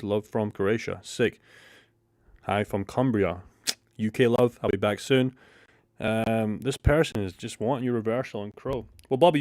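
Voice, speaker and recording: A man's voice: medium pitch, dry recording, studio quality. A man hosting a casual trading livestream, reading out chat and swearing often. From Scotland. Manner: excitable, swears a lot, reads chat aloud. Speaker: livestream host.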